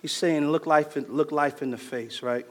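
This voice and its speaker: A man's voice: a little high, normal speed. Slangy preacher man in a reverberant hall. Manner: casual slangy preaching, animated swings from loud to hushed. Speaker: pastor. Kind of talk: sermon.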